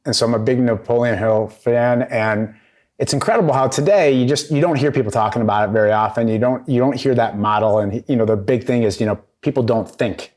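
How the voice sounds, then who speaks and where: A man's voice: medium pitch, brisk, a little mellow. Man asking long, rambling questions. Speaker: interviewer. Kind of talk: casual interview.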